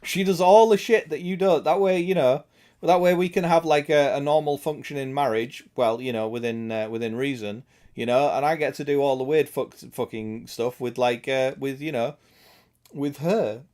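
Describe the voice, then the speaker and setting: A young man streams a game in a mid-range, slightly mellow voice at normal speed. His casual gameplay chat is crude, full of swearing and laughter.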